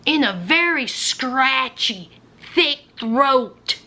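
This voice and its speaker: A woman's voice: sits high, expressive, drawn-out words, bright, forceful tone. A woman, telling a personal story in a vlog, dramatic and speaking straight to her viewers as friends, sometimes dropping to a whisper. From rural Virginia. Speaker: vlogger.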